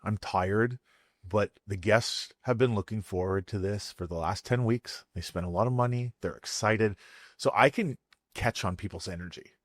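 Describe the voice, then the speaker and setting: Canadian man, low and candid. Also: normal speed, no echo, clean studio sound. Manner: candid, self-deprecating storyteller. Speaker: guest chef. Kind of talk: casual podcast chat.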